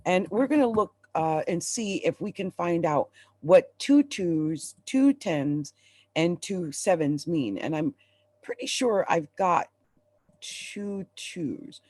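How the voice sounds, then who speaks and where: A woman's voice: on the low side, lively intonation, takes it slowly, dark tone, no room sound. Emphatic woman giving a tarot reading. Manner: emphatic, urgent and encouraging; emotional, close to tears at times. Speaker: astrologer and tarot reader. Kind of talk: live tarot card reading.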